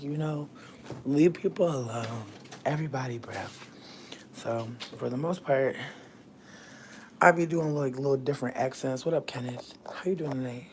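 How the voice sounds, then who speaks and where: A woman's voice: extremely low pitch, noisy background. A woman chatting casually on a livestream, telling stories in a playful, profane way. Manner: starts in a soft whisper, then grows loud. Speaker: livestream host.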